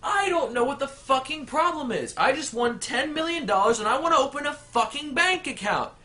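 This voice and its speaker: A man playing a foul-mouthed, hot-tempered customer who shouts and swears. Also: extremely high pitch, lively intonation, brisk, voice pushed up, exaggerated voice. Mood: furious.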